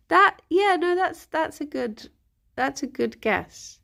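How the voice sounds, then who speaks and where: Slow, chatty giggly woman streamer. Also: high voice, vocal fry, fairly bright tone. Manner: chatty, rambling, giggly with many ums. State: a little bunged up. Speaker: livestream host. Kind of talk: casual chat with chat viewers.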